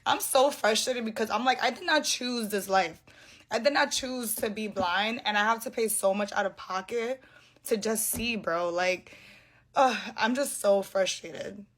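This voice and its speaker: A woman's voice: fairly high pitch, normal speed, fairly bright tone. A young woman in a casual vlog, telling a story in a frustrated, slangy and profane way.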